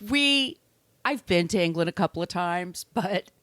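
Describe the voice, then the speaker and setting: A woman's voice: fairly low pitch, lively intonation, measured pace, fairly bright tone, no echo. A woman with an American accent, co-hosting a podcast in casual chat, joking and laughing often. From United States. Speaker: podcast co-host.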